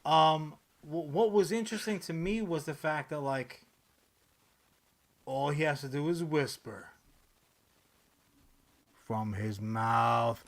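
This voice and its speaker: A man co-hosting a podcast in casual chat, joking with crude humor and loud outbursts. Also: on the high side, takes it slowly, long pauses. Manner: profane, jokey, loud bursts. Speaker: podcast co-host.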